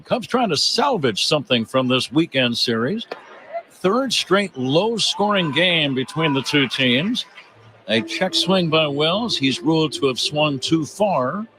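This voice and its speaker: A man calling a baseball game on radio as play-by-play announcer, in a steady, genial, informative manner. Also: mid-range voice, a little hiss or hum.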